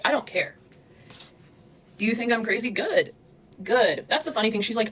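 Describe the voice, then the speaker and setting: A woman's voice: on the high side, expressive, normal speed, bright, forceful tone, rough recording. A woman streaming live from her phone, ranting angrily and swearing as she confronts people in her chat. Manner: angry, profane, confrontational. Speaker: livestreamer. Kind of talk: livestream rant.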